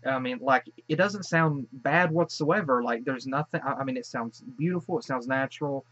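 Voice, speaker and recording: A man's voice: mid-range voice, moderate pace, fairly bright tone, no room sound. Gushing man with a dull lo-fi sound. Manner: gushing and rambling, many restarts. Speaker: show reaction host. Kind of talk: casual reaction commentary.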